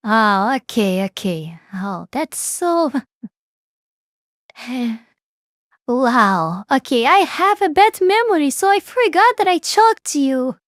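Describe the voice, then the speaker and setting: A woman's voice: sits high, animated, slow, no echo, studio quality. A woman reacting live to a video, laughing in incredulous disbelief. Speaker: reaction streamer.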